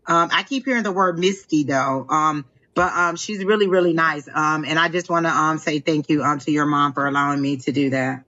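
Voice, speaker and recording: A woman's voice: sits low, a little fast, few pauses, sharp tone, highs cut off. A woman psychic medium giving a live reading, gushing and emotional, repeating exclamations of delight.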